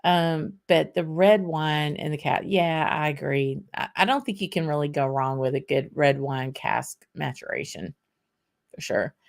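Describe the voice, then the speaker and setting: A woman's voice: low-pitched, measured pace, creaky. A woman with a Southern US accent hosting a casual whisky livestream, chatting loosely with lots of ums and laughs as she answers viewer comments.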